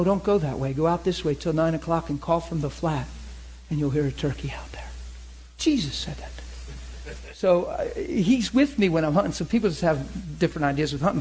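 A man in his forties, a preacher telling hunting stories in a lively, laughing sermon style. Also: a little high, breathy edge. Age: 40s. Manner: animated, laughing storyteller. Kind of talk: sermon storytelling.

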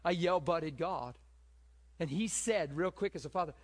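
Man preaching an animated testimony. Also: fairly high pitch, normal speed. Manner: animated storytelling, swings between loud and hushed. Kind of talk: sermon testimony.

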